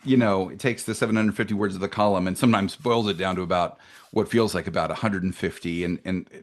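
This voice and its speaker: A man's voice: low voice, steady tone, quick pace. A man from the Atlanta suburbs of Georgia, a language writer answering interview questions in a reflective, explanatory way. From suburbs of Atlanta, Georgia, USA. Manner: reflective, explains at length with soft trailing phrases. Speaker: guest, language writer and editor.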